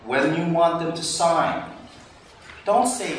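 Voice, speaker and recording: Animated male sales trainer in an echoey room. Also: on the high side, takes it slowly, pauses often. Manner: animated, coaching, acts out customer lines. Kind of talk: live training talk. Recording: far-off mic in an echoey room, faint noise.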